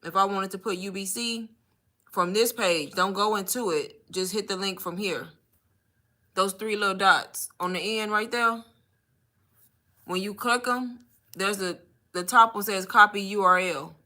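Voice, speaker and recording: A woman talks viewers through an online marketing question in a relaxed live Q&A. She is chatty and instructive, explaining step by step at a middle pitch and speaking straight to her audience. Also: measured pace. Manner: chatty, instructive, often says y'all. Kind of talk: casual live Q&A teaching.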